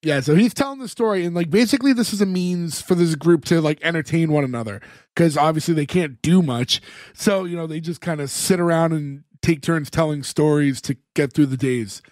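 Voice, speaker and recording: Slightly high man recapping casually. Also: brisk, darkish tone, no room sound. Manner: rambling, hedging with fillers. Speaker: podcast co-host. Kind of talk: casual chat recapping a TV episode.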